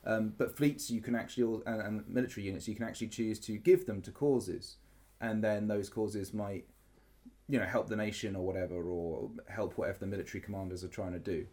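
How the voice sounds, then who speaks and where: A man's voice: on the low side, steady tone, darkish tone. A man chatting casually on a podcast, retelling a live-action roleplay battle with enthusiasm and rambling restarts. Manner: enthusiastic, rambling, quick to laugh. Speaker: podcast co-host recounting a larp event. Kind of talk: casual chat.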